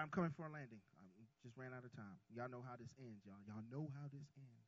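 A man preaching a sermon, swinging from soft asides to loud cries and calling the congregation y'all. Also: mid-range voice, fast, hardly any pauses, no room sound, dull audio.

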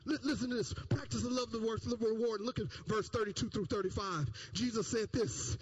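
A man's voice: extremely high pitch, expressive, normal speed, hardly any pauses. A man preaching a sermon, repeating phrases and rising into sung, chanted cadences. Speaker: pastor.

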